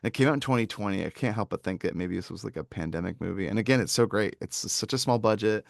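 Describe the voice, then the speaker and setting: A man with a gravelly, mid-pitched voice chats animatedly about a film, jumping into quick voices to act out scenes. The sound is close and dry. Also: no echo. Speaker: podcast co-host. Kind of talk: casual movie review chat.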